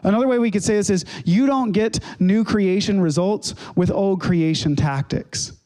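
A man's voice: high-pitched, normal speed, mellow. A male pastor giving a sermon, retelling a scripture story in a conversational way with casual asides.

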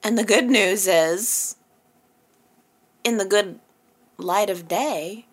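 A woman's voice: medium pitch, slow pace, long pauses. A woman hosting a soap opera recap, chatting casually and playfully, often laughing at her own jokes. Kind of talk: casual chat.

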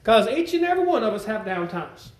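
A man's voice: high-pitched, big pitch swings, quick pace, roomy sound. A man preaching a sermon to his congregation, conversational and repetitive, often putting questions to the listeners. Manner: conversational, repeats himself, asks the congregation questions.

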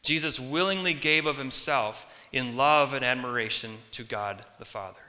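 Bright-voiced male preacher in an echoing hall. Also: medium pitch. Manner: earnest, emphatic preaching with lists and pauses. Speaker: pastor. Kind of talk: sermon. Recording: long reverb of a hall.

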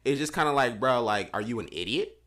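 Brief: foul-mouthed joking man co-host, very animated pitch, casual podcast banter. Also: a little fast, a little hiss or hum. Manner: blunt, crude, swears a lot, joking.

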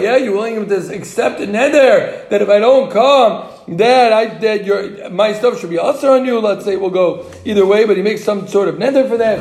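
High-voiced man teaching Talmud, echoey room. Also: a little mellow. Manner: joking, rapid singsong study chant. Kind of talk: casual Talmud class. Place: classroom with students.

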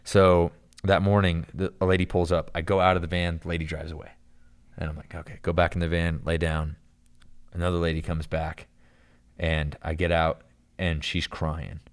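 A man telling a long story in casual chat, animated and rambling, full of "dude" and "like". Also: deep voice, normal speed.

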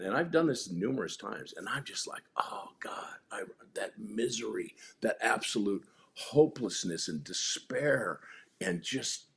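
A man's voice: medium pitch, fairly bright tone, breathy edge. A man telling a story in an interview, blunt and profane, acting out the voices of the people in it. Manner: blunt, profane, acts out quotes with rising intensity. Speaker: podcast guest.

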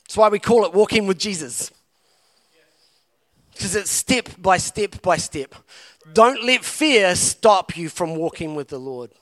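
Male pastor, high-pitched, preaching an impassioned sermon full of repeated exhortations. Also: animated, measured pace, fairly bright tone. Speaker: campus pastor.

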